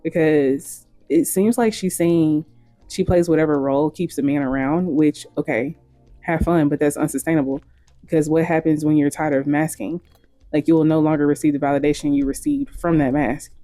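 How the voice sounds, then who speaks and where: Blunt, mellow-voiced woman host. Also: low voice, fairly even intonation, normal speed, no echo, soft background music. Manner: blunt, frank, casually profane. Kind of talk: opinionated commentary.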